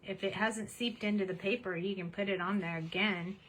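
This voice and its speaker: Bright-voiced cheerful crafting woman. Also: medium pitch, fairly even intonation, brisk, a little hiss or hum, poor audio. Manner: chatty and cheerful, narrating her steps. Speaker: craft tutorial host. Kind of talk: casual craft demonstration. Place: home craft desk.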